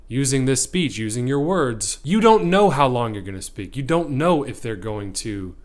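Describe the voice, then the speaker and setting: A man's voice: medium pitch, expressive, normal speed. A man teaching acting tips straight to the camera, emphatic and direct with the viewer. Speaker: acting coach.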